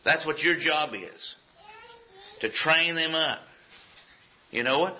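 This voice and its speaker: Man, preacher, emphatic repetitive delivery, slightly high, muffled lo-fi sound, faint noise. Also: slow pace. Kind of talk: sermon. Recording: echoey, dull lo-fi room sound.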